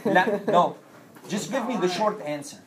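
A woman's voice: fairly low pitch, lively intonation, normal speed, crowd noise. A woman teaching a classroom lesson, patiently repeating phrases and drilling her students. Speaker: Arabic teacher.

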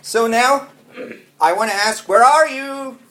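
A man's voice: extremely high pitch, takes it slowly, pushed and bright. A man giving an informal Arabic lesson at home, patiently explaining and repeating phrases step by step.

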